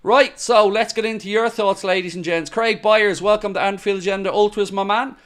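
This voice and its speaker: A man's voice: high voice, steady tone, normal speed, a bit bright, clean tone. A young man hosting a live football fan show, reacting to the match and reading viewer comments in blunt, matey banter.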